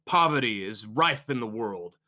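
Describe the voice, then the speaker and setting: A man voicing a slick, charismatic male cult preacher, speaking in a grand, slow, oratorical way during a tabletop role-play. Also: mid-range voice, animated, bright, forceful tone. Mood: preaching.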